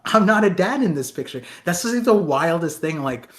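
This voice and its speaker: A man's voice: fairly high pitch, animated. A man in his thirties co-hosting a podcast, rambling and joking with frequent laughter. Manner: laughing, rambling, quick jokey asides. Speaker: podcast co-host. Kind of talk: casual chat.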